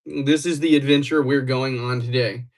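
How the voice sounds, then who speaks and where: A man talking loosely to his livestream audience in a teasing, playful way. He jumps into excited bursts as he reacts to viewers, then settles back into easy banter. His pitch sits right in the ordinary middle for a man. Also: normal speed. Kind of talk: casual livestream chat with viewers.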